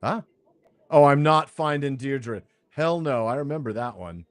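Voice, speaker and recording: Thinking out loud as he plays, a streamer and podcast host gives casual gameplay commentary in an expressive, medium-pitched voice. He talks a little slowly, and there's no room sound on the recording.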